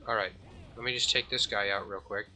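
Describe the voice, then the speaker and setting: A man giving casual, jokey let's-play commentary at home, self-mocking, slightly out of breath, with sudden high yelps. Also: fairly even intonation, brisk, pushed and bright, slight background noise. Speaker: gaming channel host.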